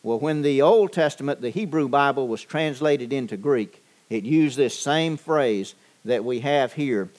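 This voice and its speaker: A man preaching a sermon, measured and deliberate, with frequent pauses and fillers. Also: medium pitch, a little mellow. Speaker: pastor.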